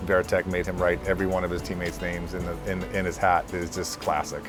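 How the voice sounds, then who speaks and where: A low-voiced man casually shares a funny memory and sounds amused by it. Music plays clearly behind him. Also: level tone, quick pace. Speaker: former teammate. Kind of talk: anecdote in interview.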